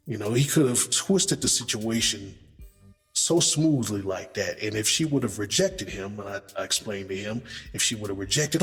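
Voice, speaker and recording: Low-voiced man giving blunt relationship advice. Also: normal speed, fairly bright tone, in a large hall, soft background music. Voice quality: profanity-laced, emphatic. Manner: conversational, acts out quotes, addresses men as brothers. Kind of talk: casual advice monologue.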